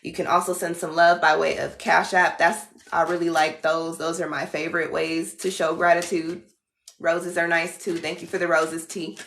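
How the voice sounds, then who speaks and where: Slangy woman with a gravelly voice. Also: fairly low pitch, level tone, normal speed, fairly bright tone, echoey room. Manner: chatty, blunt, slangy. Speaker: tarot reader. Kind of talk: casual livestream talk.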